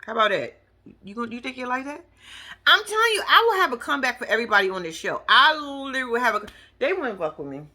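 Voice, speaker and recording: A woman giving casual, profane reaction commentary on a reality show, brash and animated. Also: quick pace. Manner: animated, brash, profane, mimics people in high voices.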